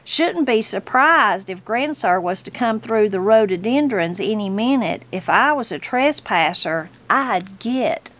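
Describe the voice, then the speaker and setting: A woman's voice: medium pitch, expressive, unhurried, few pauses, a bit bright. A woman voicing a fierce, shrewd elderly mountain granny. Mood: firm. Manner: plain-spoken, stubborn.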